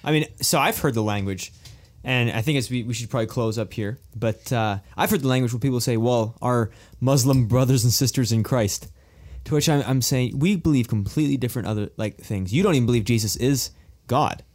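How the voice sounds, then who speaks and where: A man's voice: medium pitch, quick pace. A man speaking casually in a church panel discussion, often chiming in with short agreement. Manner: agreeable, frequent short affirmations.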